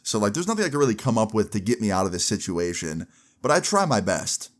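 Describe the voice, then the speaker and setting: A man's voice: fairly low pitch, quick pace. Young man telling a story casually. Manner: casual, slangy, lively storytelling. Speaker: vlogger. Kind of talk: storytime vlog.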